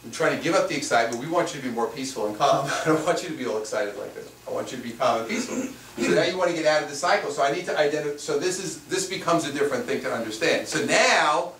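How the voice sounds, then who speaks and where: Man, spiritual workshop teacher, fairly high voice, repetitive rhetorical questions, roomy echo, faint hiss. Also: a bit bright. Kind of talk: workshop teaching to a live audience. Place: room with a small live audience. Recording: echoey room, mic far off, faint noise.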